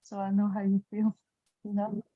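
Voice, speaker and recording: A woman's voice: medium pitch, completely flat delivery, normal speed. A woman reassuring another participant in a group call, rambling a little. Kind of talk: casual sharing. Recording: tinny phone-like line.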